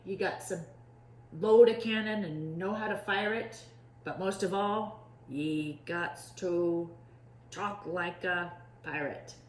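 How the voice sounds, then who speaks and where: A woman's voice: on the low side, slow pace, roomy sound, slight background noise. A woman voicing an impatient, bossy male pirate captain who bellows in pirate slang. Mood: gruff.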